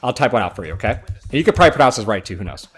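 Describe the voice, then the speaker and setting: Chicago guy streaming a fighting game, swears a lot, yells at the screen sometimes, bit of music in the back. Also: lowish voice, very animated, racing. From Chicago, USA. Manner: chatty and profane, with loud outbursts at the game. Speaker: gaming livestream host. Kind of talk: casual chat while playing a fighting game.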